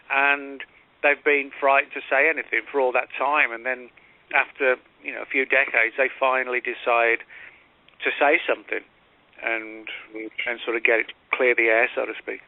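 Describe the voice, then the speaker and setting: A man, a guest author on a call-in radio interview, explains at length in a measured way with frequent fillers and restarts. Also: medium pitch, little pitch movement, no room sound. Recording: tinny phone-line audio, dry.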